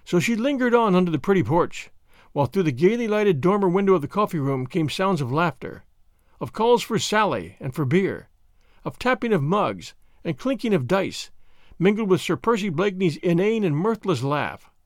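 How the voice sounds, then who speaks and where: A man narrating a classic novel in an expressive storybook reading, recorded close to the microphone. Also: high voice, normal speed, no room sound. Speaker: audiobook narrator. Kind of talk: scripted narration.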